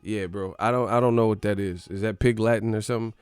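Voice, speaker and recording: A man's voice: lowish voice, fast talker, few pauses, a little mellow, smooth, no room sound. A man ranting on a boxing livestream, profane and mocking as he reacts to his chat. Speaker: boxing channel streamer. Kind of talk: casual livestream rant.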